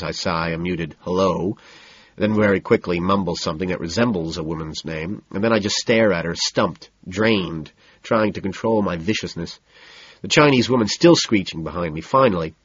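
A man narrating a novel in the first person, in a cool, measured, deadpan manner. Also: deep voice, husky, no echo, lo-fi sound. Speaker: audiobook narrator.

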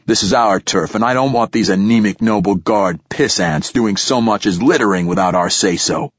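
Brief: narrator putting on a blustering commander barking orders, low husky voice, dullish recording. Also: male voice, moderate pace, dry recording, lo-fi sound. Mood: angry. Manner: blustering, rising to shouting when angry. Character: blustering, profane male base commander.

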